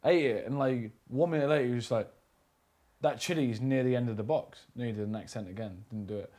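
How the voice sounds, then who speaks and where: A man's voice: mid-range voice, quick pace, dark tone. A man hosting a casual chat, telling a rambling story and swearing casually. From England. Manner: rambling, swears casually, laughs at own stories.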